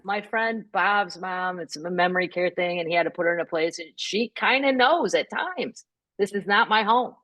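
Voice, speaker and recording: A middle-aged woman, a comedian, telling stories about caring for her parents with quick asides. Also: fairly low pitch, no echo. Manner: lively, animated delivery with quick asides. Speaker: guest comedian. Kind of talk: comic storytelling in a podcast chat.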